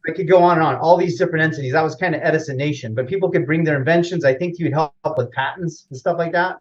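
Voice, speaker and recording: A man's voice: fairly high pitch, very fast. Man explaining with many fillers, dull sound. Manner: rambling, many fillers and restarts. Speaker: interview guest. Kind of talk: casual explanatory interview.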